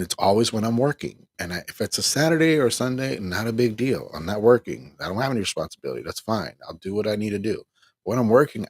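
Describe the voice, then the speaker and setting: A middle-aged man vents on his livestream in a tired, exasperated voice and laughs ruefully as he goes. His voice sits very low and sounds husky. The mic is close and the sound is dry. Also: dry recording. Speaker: livestream host. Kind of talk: venting on a livestream, reading chat.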